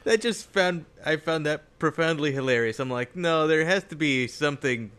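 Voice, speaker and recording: Animated, jokey man on a podcast. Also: fairly high pitch, normal speed, smooth. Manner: animated, jokey, laughs a lot. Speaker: podcast co-host. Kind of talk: casual movie podcast chat.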